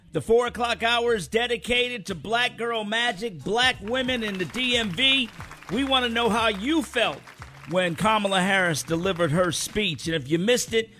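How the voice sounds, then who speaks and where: A man hosting a radio talk show with upbeat, quick promo delivery, speaking from a studio. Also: high voice, bright, forceful tone.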